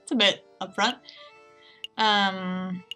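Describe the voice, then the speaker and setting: A woman's voice: medium pitch, fairly even intonation, slow pace, pushed and bright, faint music behind. A woman giving casual, chatty commentary while playing a game. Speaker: let's play host.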